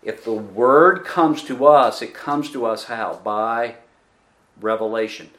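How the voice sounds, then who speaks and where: Slow, deliberate male preacher. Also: mid-range voice, fairly bright tone. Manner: slow and deliberate, asking the congregation questions and answering them; stresses key words with emphatic pauses. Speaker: pastor. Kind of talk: expository sermon.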